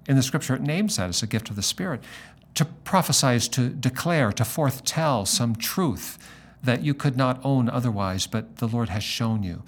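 A man's voice: mid-range voice, expressive, moderate pace, breathy edge. A middle-aged male pastor talking about faith and telling a personal story, acting out the voices of people he quotes.

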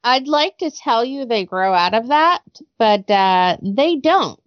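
Thirties woman, podcast co-host, high-ish voice, blunt and profane; dry, dull-sounding recording. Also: takes it slowly, no room sound. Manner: blunt and profane, quotes herself in animated voices. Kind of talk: casual chat.

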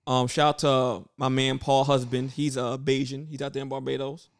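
A man co-hosts a casual podcast in an easy, laid-back way, giving shout-outs and dropping fillers as he talks. His voice sits at an ordinary middle pitch. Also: level tone, moderate pace, clean tone. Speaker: podcast co-host. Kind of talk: casual chat.

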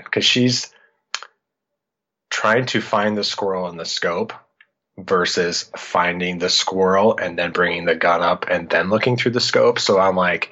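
Chatting casually as a podcast guest, a middle-aged Iowa man recounts a story and animatedly performs his own past lines. He speaks low and a little slowly, and the lo-fi recording sounds dull.

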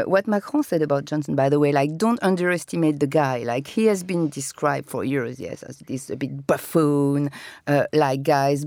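A woman's voice: low-pitched, darkish tone, dry recording. Hesitant woman on a dry studio mic. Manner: hesitant, many fillers and restarts. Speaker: guest journalist. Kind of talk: panel discussion. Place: radio studio.

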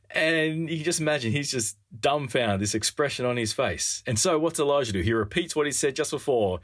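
A man's voice: a little high, expressive, normal speed. A man preaching a sermon in an earnest, wry way, acting out quoted lines with a rising voice.

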